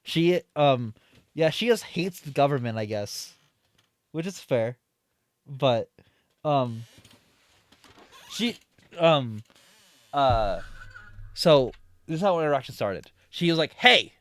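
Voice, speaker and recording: A man's voice: mid-range voice, animated, takes it slowly, long pauses, dry recording. A man casually telling a long story from his retail job, with lots of fillers and restarts. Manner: rambling, many fillers and restarts. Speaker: streamer.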